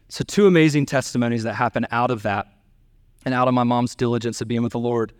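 A middle-aged man preaching a sermon to his church, telling a family story in an earnest way and lifting his pitch to act out the people he quotes. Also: fast, clear, resonant tone, dry recording, clean studio sound. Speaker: pastor.

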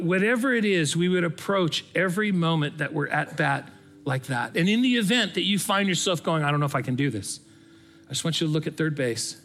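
A middle-aged man preaching a sermon in an earnest, conversational way. His voice sits a little higher than most men's. He leans on plain storytelling rather than grand oratory. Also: a bit bright. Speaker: pastor.

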